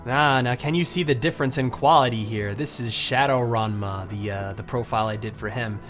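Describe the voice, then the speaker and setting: A man talking loosely over his own anime videos in a casual commentary style. He rambles, trips over his words and starts sentences again. His pitch sits right in the middle for a man. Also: fairly quick, fairly bright tone, soft background music. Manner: rambling, full of fillers and restarts.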